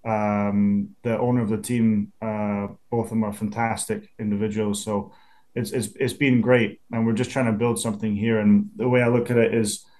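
A man in his twenties with a Scottish accent, a pro football punter chatting in an interview, relaxed and quick to laugh. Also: lowish voice. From Scotland. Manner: laid-back, chatty, laughs easily, many restarts. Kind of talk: casual interview.

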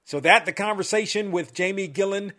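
High-voiced halting podcast host man. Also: pushed and bright. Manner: halting, filler-heavy questions. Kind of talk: interview hosting.

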